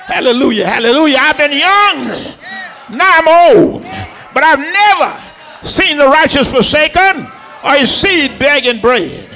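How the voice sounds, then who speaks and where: A man preaching a sermon from the pulpit, shouting in a rhythmic, chanting cadence inside a church. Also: very high-pitched, expressive, unhurried, a faint crowd. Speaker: pastor. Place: church sanctuary. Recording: long echoey church hall.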